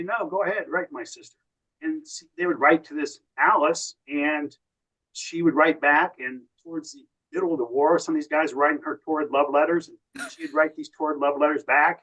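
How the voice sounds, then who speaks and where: A man's voice: on the high side, pushed and bright, poor audio. An American man, a podcast guest, telling long family and wartime stories in a casual way, often quoting what others said. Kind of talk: casual storytelling.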